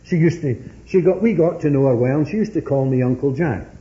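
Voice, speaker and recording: A man's voice: on the high side, a little fast, warm tone. A man preaching a sermon, telling stories earnestly and pressing his points with rising emphasis. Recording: dull lo-fi sermon recording.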